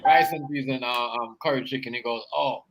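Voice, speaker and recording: A man in casual chat about rappers, telling stories in an animated, profane way. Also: mid-range voice, brisk, low-quality recording. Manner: animated, profane storytelling with laughs.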